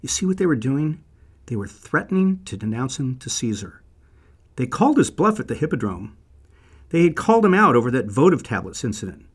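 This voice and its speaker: A man's voice: medium pitch, big pitch swings, brisk, slightly rough. A man teaching a Bible lesson as vivid, conversational storytelling.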